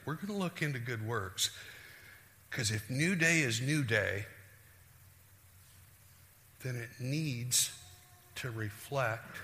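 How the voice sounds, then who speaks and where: Animated preacher in a reverberant hall. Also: male voice, medium pitch, a little hiss or hum. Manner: animated, acts out quoted voices, shifts between loud and hushed. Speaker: pastor. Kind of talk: sermon.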